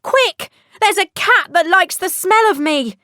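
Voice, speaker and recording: A tiny thumb-sized storybook boy who yells and whines in a piercing high voice, as a woman puts him on. His shouts leap up and down in pitch. The sound is dry and close. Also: expressive, slow pace, no room sound, heavily acted. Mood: shouting. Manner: shrill, shouting and whiny.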